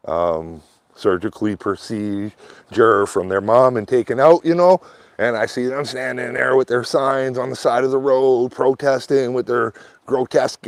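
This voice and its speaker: A man's voice: mid-range voice, no room sound. A man in a rambling, casual vlog talk, full of "like" and "man", speaking outdoors while walking his dog. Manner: loose and rambling, peppered with "like" and "man". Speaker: vlogger. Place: outdoors, walking a dog through a small town.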